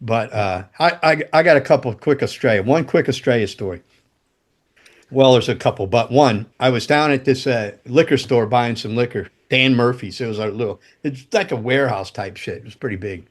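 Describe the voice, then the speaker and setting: A man's voice: mid-range voice, fairly quick. A man telling rambling, profane stories in casual chat as a podcast guest. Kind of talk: casual storytelling.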